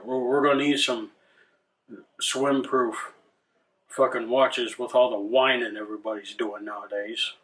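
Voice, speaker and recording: In this rant video, the male host sounds irritated and sarcastic, cursing heavily and frequently starting over mid-sentence. His voice is mid-range with a fairly bright tone.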